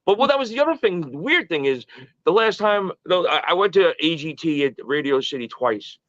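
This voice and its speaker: Profane, animated man in his forties. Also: a little high, fairly quick, no room sound, lo-fi sound. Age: early 40s. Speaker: guest. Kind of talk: casual podcast chat.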